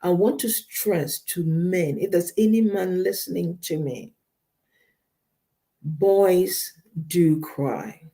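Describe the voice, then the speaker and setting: A woman's voice: fairly low pitch, unhurried, hardly any pauses, dark tone. A woman counselor giving emphatic, direct advice to listeners on a radio show, often repeating her key points.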